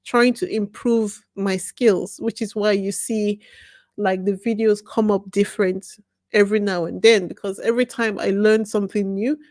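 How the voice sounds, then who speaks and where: A woman's voice: mid-range voice, steady tone, normal speed, darkish tone, dry recording. A woman hosting her own channel, talking passionately and emphatically, asking herself pointed questions. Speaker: YouTube channel host. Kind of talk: casual vlog monologue.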